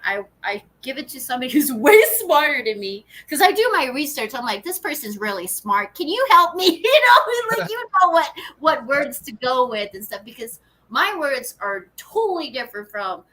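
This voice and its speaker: Woman guest talking fast and loose, lots of laughs and restarts, bright high-ish voice. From United States. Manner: bubbly, laughs often, many fillers and restarts. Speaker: guest, actress and writer. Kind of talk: casual interview chat.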